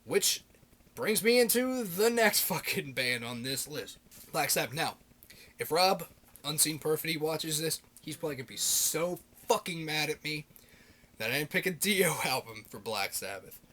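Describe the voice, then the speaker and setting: Foul-mouthed excitable man, slightly high. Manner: heavy swearing, enthusiastic, rambling with fillers. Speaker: video blogger. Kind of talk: casual rambling monologue.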